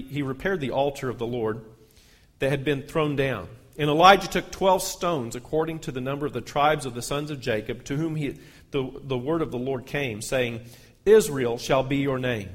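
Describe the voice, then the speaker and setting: A man's voice: medium pitch, normal speed. A male pastor, reading scripture aloud in a sermon and lifting his voice on the quoted lines. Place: church sanctuary. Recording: long hall reverb.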